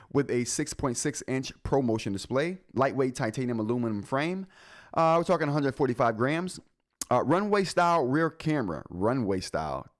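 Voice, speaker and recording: A man hosting a live tech show, chatting casually with his viewers, joking and laughing often. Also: medium pitch. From United States. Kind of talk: casual live-stream chat.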